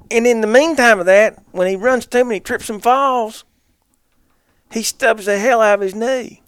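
A man's voice: high voice, no room sound. A man, co-hosting a podcast, tells a hunting story in casual chat and laughs through his punchlines. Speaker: podcast co-host.

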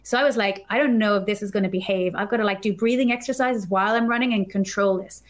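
A woman guest on a podcast, telling a story in an animated, chatty way, full of filler words. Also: mid-range voice, quick pace. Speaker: podcast guest, developer advocate. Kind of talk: casual storytelling chat.

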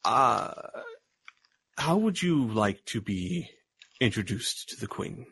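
A man's voice: medium pitch, big pitch swings, takes it slowly, vocal fry, fairly bright tone, husky. A man running a tabletop game as game master, narrating with many ums and restarts.

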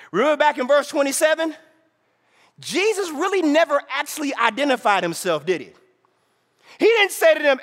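Male preacher, sermon, very high voice, bright and sharp, keeps asking "right?", long hall reverb. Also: big pitch swings, fairly quick. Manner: call-and-response, repeats "right?" often, swings from shouts to hushed asides. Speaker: pastor.

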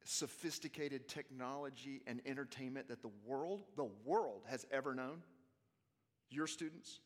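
A man giving an energetic sermon to young people, swinging between hushed asides and loud bursts as he acts out quotes. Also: medium pitch, measured pace. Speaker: youth conference speaker. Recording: long hall reverb.

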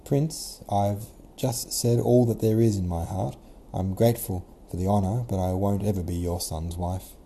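A man voicing a gentle young princess who speaks earnestly and firmly. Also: lowish voice, fairly even intonation, moderate pace, hardly any pauses, slight background noise, natural voice. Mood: resolute. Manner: soft, earnest, resolute.

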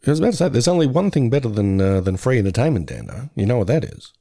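Man, podcast co-host, gravelly voice, lively and full of laughter, dry close sound. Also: medium pitch, racing, no echo. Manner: laughs often, enjoys doing voices. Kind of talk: casual podcast chat.

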